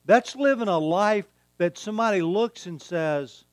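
A man's voice: high-pitched, lively intonation, unhurried, few pauses, dry recording. A man preaching a sermon, emphatic and repeating his key phrases. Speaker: pastor.

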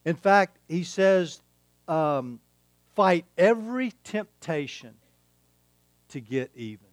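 A man's voice: a little high, lively intonation, slow pace, no room sound. A man preaching a sermon, emphatic and repeating his key phrases. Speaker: pastor.

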